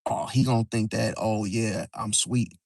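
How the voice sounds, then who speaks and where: A man's voice: lowish voice, fairly even intonation, a little slow, gravelly, darkish tone, no echo. Chatty man talking astrology, "see?". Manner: loose, repetitive, drops "see?" and "bro" often. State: sometimes whispering. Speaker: astrology live-stream host. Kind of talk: casual live-stream talk. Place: outdoors near a parking area.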